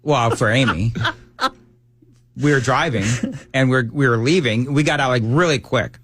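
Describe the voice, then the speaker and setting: A man's voice: mid-range voice, normal speed, no echo. A man in his fifties, a radio host, telling stories in casual morning banter and laughing often. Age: 50s. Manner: jokey, laughs often, animated storyteller.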